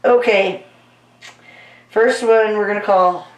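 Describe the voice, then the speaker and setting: A woman's voice: mid-range voice, steady tone, slow pace, far from the mic. A woman narrating her paint pouring as she works, chatty and playful, talking the paint along. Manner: talks to the paint, coaxing it along; playful, easily delighted. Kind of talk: chatty narration while working. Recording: echoey room, mic set back.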